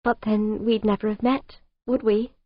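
A woman's voice: mid-range voice, flat delivery, normal speed, no room sound, natural voice. A woman reading an audiobook, voicing a distressed young woman who pleads and breaks off mid-sentence, on a dull, dry recording. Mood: tearful.

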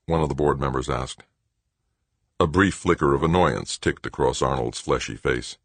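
A man reading a novel aloud as narrator, in a measured, even storytelling manner. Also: very deep voice, no room sound. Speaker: audiobook narrator. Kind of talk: scripted narration.

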